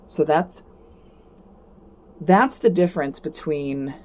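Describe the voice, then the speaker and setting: A woman with a slightly low voice talks casually and encouragingly, like a host chatting on her stream. She repeats phrases and tags "right?" onto nearly every point. Her pitch leaps when she gets worked up. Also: slow. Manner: keeps asking "right?", repeats herself, rises sharply when animated. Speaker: host of a card-reading stream. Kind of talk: casual motivational talk.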